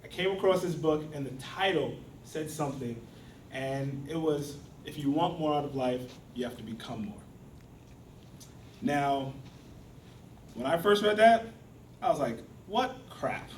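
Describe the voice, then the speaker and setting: A man's voice: mid-range voice, moderate pace, a little hiss or hum. A man giving a storytelling speech at a speaking club, acting out the voices of the people in his tale. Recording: echoey hall from far off.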